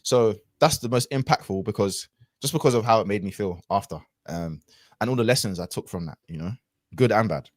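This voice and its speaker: A man's voice: lowish voice, a little fast, dry recording, clean studio sound. A man, a podcast guest telling a personal story in a casual, reflective way with lots of fillers and restarts.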